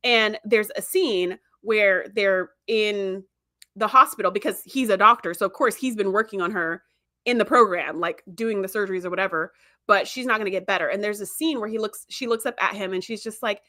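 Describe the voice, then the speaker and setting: A woman's voice: medium pitch, a little fast, pushed and bright. A woman podcast host casually retelling a TV episode in a chatty, rambling way, full of "like" and "you know". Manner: chatty, filler-heavy storytelling with many "like"s.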